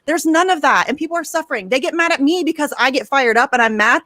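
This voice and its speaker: A woman's voice: sits high, animated, fast, pushed and bright, dry recording, clean studio sound. A young woman ranting with heat and sarcasm, swearing freely in a livestream chat. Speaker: guest. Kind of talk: heated livestream talk.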